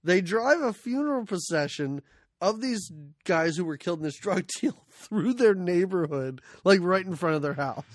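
High-voiced joking man. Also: lively intonation, normal speed, no echo. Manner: joking, trails off and restarts, slips into put-on accents. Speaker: podcast co-host. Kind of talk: casual chat about a movie.

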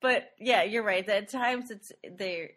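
A woman talks through a film with her co-host in relaxed podcast chat. Her voice is bright and ringing, and she laughs easily as she tells it. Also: medium pitch, takes it slowly. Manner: animated, laughs often while recapping. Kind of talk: casual chat about a movie.

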